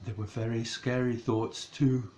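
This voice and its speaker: A man narrating a comic storybook in a mock-dramatic, deliberate way. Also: mid-range voice, fairly even intonation, warm tone, echoey room, rough recording.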